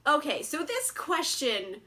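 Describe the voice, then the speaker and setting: A young woman vlogging a casual book tag, talking bluntly, animated and swearing freely. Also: high voice, slow pace. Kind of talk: casual book review chat.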